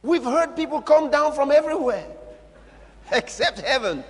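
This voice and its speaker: A man preaching a sermon, swinging from quiet murmurs up to shouts. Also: very high voice, expressive, measured pace. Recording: long hall reverb.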